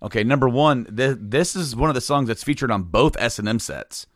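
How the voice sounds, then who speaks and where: A man's voice: medium pitch, animated, a little fast, no room sound, studio quality. A man hosting a casual music podcast, talking loosely with many restarts and fillers. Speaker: podcast host. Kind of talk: casual chat.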